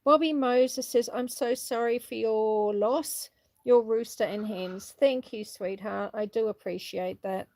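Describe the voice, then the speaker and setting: Walking around outdoors on her farm, a middle-aged homestead livestreamer reads out viewer comments and chats casually. Her voice is a little high with a steady tone and a slightly slow pace; she answers warmly and laughs often. No echo is audible.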